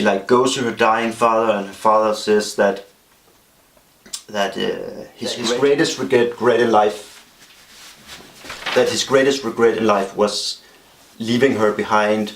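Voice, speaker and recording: Casual male vlogger, low-pitched, loose and rambling delivery with constant fillers, echoey room. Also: fairly bright tone. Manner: rambling, many fillers and restarts. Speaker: vlogger pitching a movie idea. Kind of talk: casual spoken movie pitch.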